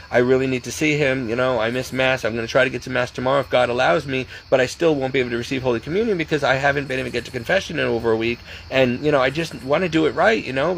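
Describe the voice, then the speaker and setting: A man's voice: mid-range voice, gravelly, a little hiss or hum, rough recording. A man talking casually to camera in an anxious, rambling way, repeating himself as he goes. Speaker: vlogger. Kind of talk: casual personal monologue to camera.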